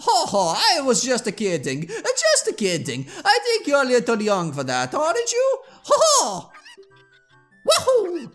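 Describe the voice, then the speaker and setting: A man voicing a jolly middle-aged male ranch owner in a game, in a squeaky falsetto with hooting laughs. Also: wildly swooping pitch, unhurried, fairly bright tone, soft background music, exaggerated voice.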